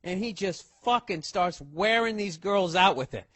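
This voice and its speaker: A man telling a profane story on stage as a stand-up comedian, loud and swearing, acting out the characters he talks about. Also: sits high, expressive, normal speed, husky, dry recording.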